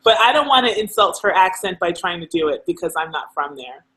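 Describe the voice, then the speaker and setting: A woman's voice: lowish voice, expressive, brisk, pushed and bright, poor audio. A woman, co-hosting a casual video chat, who laughs often and teases her friend. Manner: giggly, laughs often between lines; teasing, coaxing. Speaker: co-host of a live video chat.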